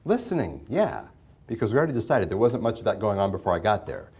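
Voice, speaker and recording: A man's voice: on the low side, sing-song, quick pace, darkish tone, husky. A man teaching a mediation class, who asks the room questions and repeats their answers back. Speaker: mediation instructor. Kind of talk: interactive classroom lecture.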